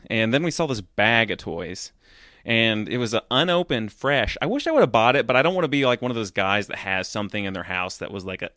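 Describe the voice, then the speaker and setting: A man's voice: mid-range voice, a bit bright, dry recording, clean studio sound. A man telling a rambling, profane comedic story, full of fillers, as a podcast host.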